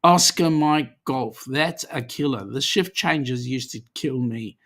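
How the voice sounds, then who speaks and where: A man's voice: medium pitch, slow, fairly bright tone. An Australian man hosting a casual livestream, reading viewer comments aloud in a chatty, easygoing way with lots of ums. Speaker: livestream host.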